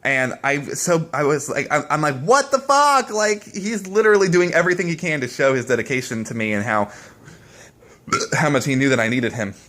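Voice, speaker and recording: A man's voice: medium pitch, a little fast, fairly bright tone. A young man vlogging straight to camera in casual talk, emotional and upset, swearing often and restarting his sentences. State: upset, shaken. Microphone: camera mic, face-to-face video.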